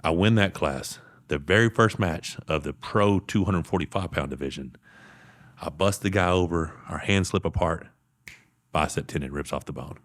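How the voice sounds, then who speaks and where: A man, telling animated stories as a podcast guest. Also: deep voice, no echo. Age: 40s. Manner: fast animated storytelling. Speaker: podcast guest, arm wrestler. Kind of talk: casual interview storytelling.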